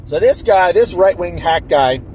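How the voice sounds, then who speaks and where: Indignant high-voiced man, sarcastic commentary. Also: expressive, measured pace, a little mellow, slight background noise. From New Jersey. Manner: indignant, sarcastic, mocking quotes. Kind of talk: opinion commentary.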